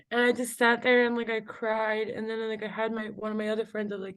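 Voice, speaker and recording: Young woman, halting and full of fillers. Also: on the high side, flat delivery. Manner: halting, filler-heavy speech with frequent "like" and "you know"; nervous laughs between emotional moments. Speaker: interview guest. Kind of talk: personal storytelling in a casual interview.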